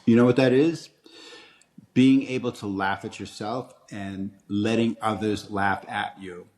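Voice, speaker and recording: Guest, 60s male, Boston accent, slightly deep, jokey and reflective. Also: fairly even intonation, unhurried, darkish tone. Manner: joking, upbeat, reflective. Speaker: interview guest. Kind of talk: conversational interview.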